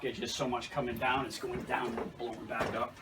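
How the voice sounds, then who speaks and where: A man working as a chimney sweep, chatting casually and telling animated anecdotes while he explains the job, recorded from a distance with outdoor noise behind. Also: medium pitch, brisk.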